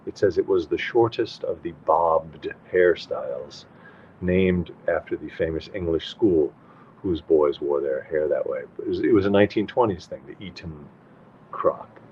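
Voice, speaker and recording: A tired, yawning man hosts a casual livestream show from home at night with a dog nearby, rambling and thinking aloud as he looks things up. His low, darkish voice is a little slow. The audio sounds tinny and phone-like, with a slight hiss or hum and faint music.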